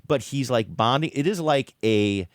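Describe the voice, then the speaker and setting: Rich A man in casual podcast chat, telling a story in a rambling, animated way and often correcting himself mid-sentence. His voice sits at an ordinary middle pitch. The sound is close and dry. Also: measured pace, dry recording. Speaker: podcast co-host.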